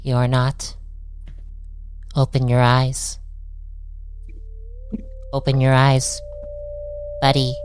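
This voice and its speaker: A man voicing a loyal robot companion who speaks calmly and formally to guide his friend. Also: medium pitch, drawn-out words, long pauses, slight background noise, voice pushed up. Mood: reassuring. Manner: calm, flat, formal speech.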